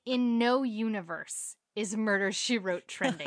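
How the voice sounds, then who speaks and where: A woman's voice: mid-range voice, a little slow, no echo, clean studio sound. A woman co-hosting a podcast in casual chat, wry and prone to sarcastic rants. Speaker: podcast co-host.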